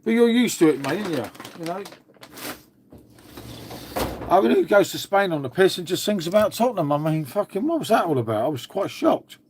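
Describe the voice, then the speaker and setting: A man's voice: high voice, big pitch swings, a little fast, darkish tone, slight background noise. A man, from England, hosting a casual live stream, rambling and swearing, calling everyone "mate". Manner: rambling, swears a lot, says "mate" constantly. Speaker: livestream host.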